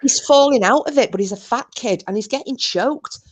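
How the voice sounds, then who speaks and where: A woman's voice: fairly high pitch, brisk, a crowd in the background. A woman hosting a live stream, telling stories in a chatty, frank way and swearing freely. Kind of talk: casual chat.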